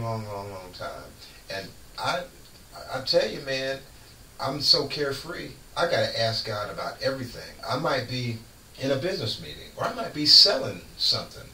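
A man who is a guest on a radio show, preaching in casual chat with fervent, lively storytelling. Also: medium pitch, normal speed. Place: radio studio. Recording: echoey room, far from mic, faint noise.

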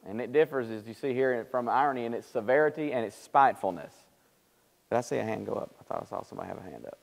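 A man's voice: expressive, fast talker, vocal fry. Man, Bible class teacher, conversational, church hall reverb. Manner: conversational teaching, acts out quoted speech with rising pitch. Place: church auditorium. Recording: long hall reverb of church live stream.

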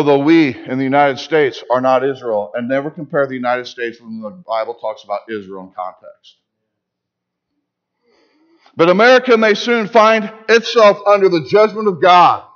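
Man, pastor, emphatic sermon, rhetorical questions, high-pitched, muffled recording. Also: lively intonation, moderate pace, fairly bright tone. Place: church.

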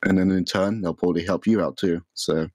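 Young guy with a really low voice, rambly casual podcast chat, dry sound. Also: fairly even intonation, fairly quick, a little mellow, no echo, rough recording. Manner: rambling, many fillers and restarts. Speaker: podcast guest, streamer.

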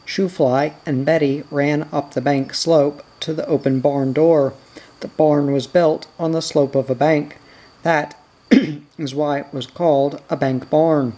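A slow, unhurried reader narrating a children's book aloud. The voice is mellow and soft, with a calm, measured storytelling manner. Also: medium pitch, rough recording. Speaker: audiobook reader. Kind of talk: reading a children's novel aloud.

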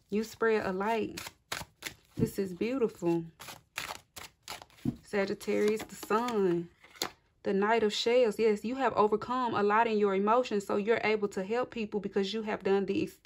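A woman's voice: medium pitch, fairly even intonation, a little slow, pauses often, noisy background. Effusive woman doing a tarot reading. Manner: effusive and encouraging, often laughing, addresses viewers directly. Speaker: tarot reader. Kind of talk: casual tarot reading to viewers. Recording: clearly audible card shuffling and clicks.

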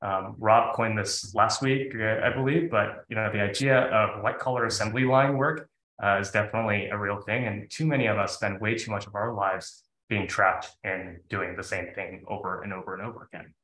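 A man's voice: lowish voice, fairly even intonation, normal speed, sharp tone. A man hosting a live webinar, talking in a loose, enthusiastic conversational way. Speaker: webinar host. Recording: echoey room.

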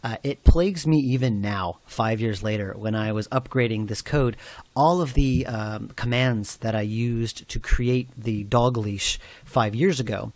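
A man's voice: medium pitch, measured pace, a little mellow. A man giving a rambling, self-deprecating developer commentary for his own game. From New York.

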